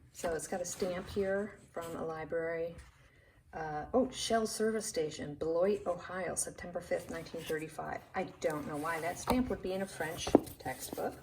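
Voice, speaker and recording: A woman's voice: on the low side, far from the mic, background noise. A woman who sells vintage books, showing them one by one in a casual, chatty way and gushing over the illustrations. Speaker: vintage book seller. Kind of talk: casual show-and-tell.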